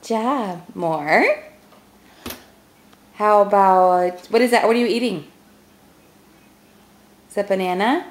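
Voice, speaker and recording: A woman's voice: mid-range voice, slow pace, pauses often. A mother at home patiently coaxing her toddlers to sign, repeating simple words and praising each try.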